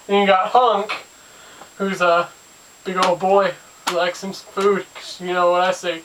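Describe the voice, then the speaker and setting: A man's voice: high-pitched, flat delivery, a little slow, distant mic, background noise. Chatty young guy reviewing a cartoon. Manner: chatty, jokey asides. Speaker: show host and reviewer. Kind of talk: casual video review.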